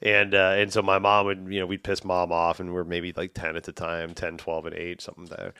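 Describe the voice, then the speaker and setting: A man in his forties, hosting a casual podcast and telling stories in a profane, animated way. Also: low voice, a little fast, smooth, dry recording, studio quality. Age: 40s.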